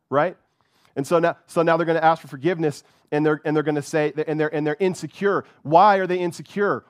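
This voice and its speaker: A man's voice: fairly high pitch, no room sound, clean studio sound. A man preaching a sermon with fervor, repeating words and often checking in with "right?". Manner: fervent, repeats words, keeps asking "right?".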